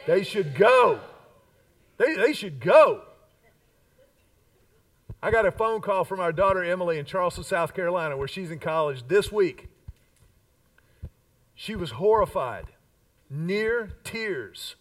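A man's voice: high-pitched, far from the mic, poor audio. A man in his fifties preaching a sermon as pastor, with emphatic repeated lines and call-and-response. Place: church sanctuary.

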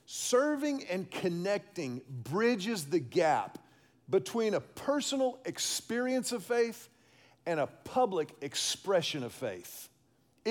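Animated, high-voiced male pastor preaching. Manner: animated, emphatic, calls on the congregation. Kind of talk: sermon.

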